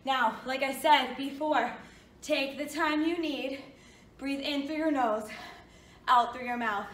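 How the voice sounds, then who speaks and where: This fitness coach has a high-sitting, a bit bright voice and speaks slowly, winded as she guides a workout with encouraging form tips. Her recording sounds echoey, with the microphone placed far away.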